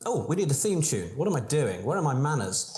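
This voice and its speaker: A man's voice: on the high side, big pitch swings, a little fast, background noise. A man hosting a live-streamed pub quiz, playful and cheeky, bantering with his audience. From Buckinghamshire, England. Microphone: phone. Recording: roomy room sound with faint music.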